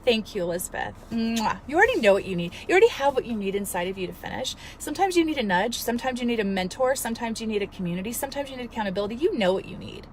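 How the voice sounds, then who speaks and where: A woman in her thirties, a fitness coach, telling a story in an earnest, emotional, animated way and giving motivational advice. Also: a little high, rapid-fire, few pauses, slight background noise. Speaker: fitness coach and studio owner. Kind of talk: casual motivational vlog.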